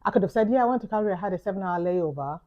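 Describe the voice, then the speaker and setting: A woman's voice: medium pitch, expressive, rapid-fire, muffled recording. A woman with a London accent giving an earnest, reflective vlog monologue, repeating key phrases for emphasis. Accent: London English. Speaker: YouTuber.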